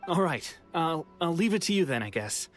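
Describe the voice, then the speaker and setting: An actor voicing a grateful, hesitant young man in hiding in a game, speaking softly. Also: a little high, sing-song, moderate pace, soft background music. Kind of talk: game voice acting.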